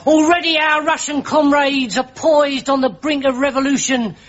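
An actor playing a slow-witted, earnest private soldier in a television sitcom, forever saying sir. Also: male voice, extremely high pitch, steady tone, fairly bright tone. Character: dim, earnest lowly army private. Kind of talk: sitcom acting before a studio audience. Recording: dull TV soundtrack with audience laughter.

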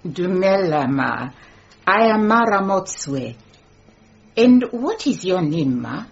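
An actress playing a confident, shrewd middle-aged woman who speaks calmly and politely, in a radio drama. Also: fairly low pitch, takes it slowly, creaky, lo-fi sound, heavily acted. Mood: pointed. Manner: calm, pointed and polite.

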